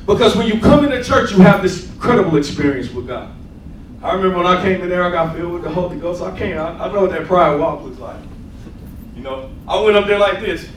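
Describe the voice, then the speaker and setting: A man's voice: sits high, fast talker. A man preaching a sermon and telling his own testimony, acting out scenes and laughing as he goes. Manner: animated storyteller, acts out scenes, laughs often. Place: church sanctuary. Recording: echoey church, mic from a distance, faint room noise.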